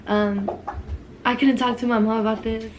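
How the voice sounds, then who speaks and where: Soft-spoken young woman telling her story. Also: fairly high pitch, little pitch movement, moderate pace, background noise. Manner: hesitant, filler-heavy, growing quiet and subdued. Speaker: vlogger. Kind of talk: casual storytime vlog.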